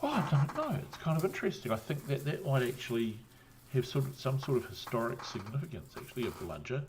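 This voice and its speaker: A New Zealand man talks at an everyday middle pitch in loose, wandering chat. He has had a drink, laughs at his own tangents and swears without a second thought. A faint hiss of noise sits under his voice. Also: big pitch swings, quick pace. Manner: rambling, laughs often, swears freely. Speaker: guest on a livestream. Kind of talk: casual chat.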